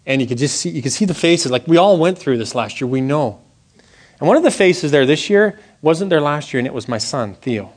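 A man in his forties giving a sermon testimony, telling an earnest story and dropping to hushed tones at serious moments. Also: on the high side, expressive, a little fast. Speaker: church speaker sharing a testimony.

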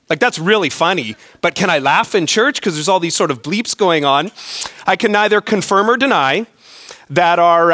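Guy preaching a christmas-season sermon, pretty high voice, lots of "right?", close dry sound. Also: fairly bright tone, no echo. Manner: conversational, self-deprecating humor with frequent "right?". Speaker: pastor. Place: church sanctuary.

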